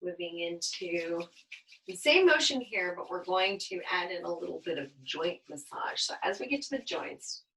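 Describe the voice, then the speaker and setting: Young woman, baby yoga teacher, soothing and bright. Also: lowish voice, animated, moderate pace, poor audio. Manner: gentle, soothing, sing-song. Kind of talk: guided class instruction with singing.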